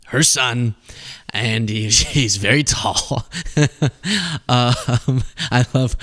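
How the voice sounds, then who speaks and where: A man's voice: mid-range voice, drawn-out words, pauses often, a bit bright. A young man hosting a live political talk stream, joking casually, laughing often and sliding into mock voices.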